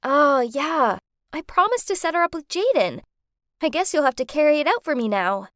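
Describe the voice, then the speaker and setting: A woman's voice: high-pitched, big pitch swings, normal speed, a bit bright, no echo, clean studio sound, voice pushed up. A woman voicing a carefree teenage twin sister who talks in a breezy, casual way.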